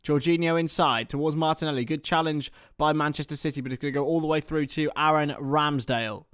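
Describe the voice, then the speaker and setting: A man doing chatty live football commentary for a watchalong stream, excitable and talking to his viewers. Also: on the high side, fairly quick, clean tone, no room sound, clean studio sound.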